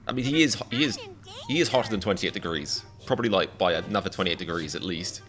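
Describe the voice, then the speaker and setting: A man streaming live reactions, rambling and self-mocking with quick jokes. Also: fairly low pitch, expressive, sharp tone.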